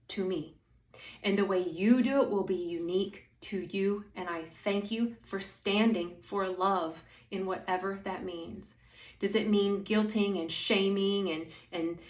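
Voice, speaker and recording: A woman's voice: medium pitch, echoey room. A woman acting as a spiritual guide, talking casually and rambling with many "like" fillers. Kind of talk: spiritual monologue.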